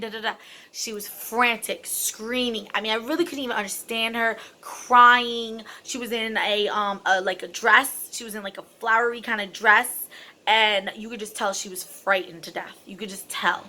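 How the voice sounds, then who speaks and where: A woman's voice: mid-range voice, steady tone, moderate pace, bright, forceful tone. A woman telling a personal story in a chatty, dramatic vlog style, full of fillers and asides. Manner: chatty and dramatic, many fillers, self-described extra.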